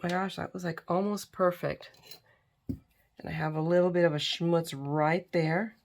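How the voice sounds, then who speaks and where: A tired, middle-aged woman talks her way through a crafting project in a relaxed, chatty way. Her voice sits low and has a gravelly edge. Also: measured pace. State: tired and yawning. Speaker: crafting video host. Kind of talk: casual crafting tutorial chat.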